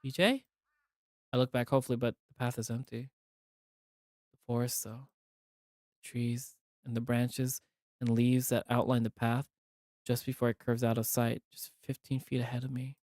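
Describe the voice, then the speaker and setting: A man's voice: medium pitch, normal speed, pauses often, dry recording, clean studio sound. A man streaming as he reads a visual novel aloud and voices its characters in a dramatic way. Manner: dramatic reading, animated asides.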